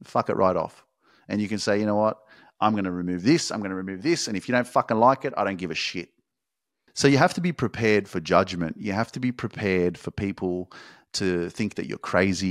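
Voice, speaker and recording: Man, low voice, blunt swearing motivational coach, dry close mic. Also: dry recording. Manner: profane, forceful, repetitive exhortation. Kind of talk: motivational monologue.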